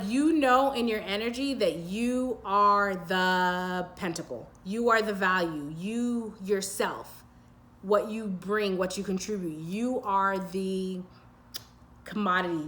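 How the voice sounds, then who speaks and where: Woman tarot reader, mid-pitched, meandering and soothing, faint room hum. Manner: rambling and intuitive, many "like" fillers and restarts. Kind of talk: pick-a-pile tarot reading.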